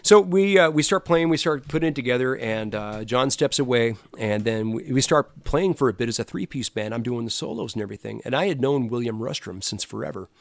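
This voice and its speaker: Guy with a gravelly voice swapping band stories, dry close sound, acts out the quotes. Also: mid-range voice, fairly quick, few pauses, no room sound. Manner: animated storyteller, acts out quotes. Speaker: guest musician. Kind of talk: casual storytelling chat.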